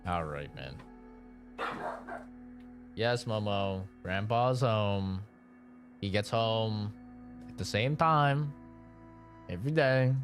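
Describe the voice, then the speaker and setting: Slow, sarcastic young streamer man. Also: fairly low pitch, faint music behind. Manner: laughing, sarcastic storytelling. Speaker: livestream gamer. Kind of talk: casual streaming chat.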